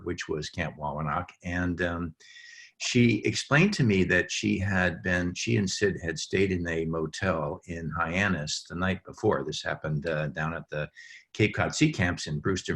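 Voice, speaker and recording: Low-voiced man, earnest webinar speaker on a video call, halting with fillers. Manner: warm, earnest, many ums and uhs, chuckles. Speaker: webinar speaker for camp professionals. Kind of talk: heartfelt talk to an online audience.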